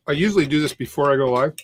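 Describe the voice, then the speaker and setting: A man's voice: medium pitch, gravelly, slightly rough, no room sound. A middle-aged man from Canada hosting a live show, talking casually and upbeat with many fillers. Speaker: host.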